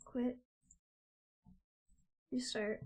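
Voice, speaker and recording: A woman's voice: drawn-out words, a little mellow. A young woman live-streaming, swearing and ranting to herself in exasperation. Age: young adult. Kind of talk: casual live-stream chat.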